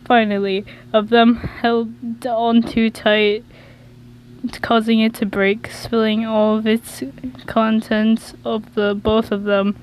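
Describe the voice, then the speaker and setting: A woman reads a fan story aloud, slowly, tripping over words and correcting herself as she goes. Her voice sits fairly high. The delivery is casual and unpolished. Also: flat delivery, smooth, rough recording. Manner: stumbling, self-correcting. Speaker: reader.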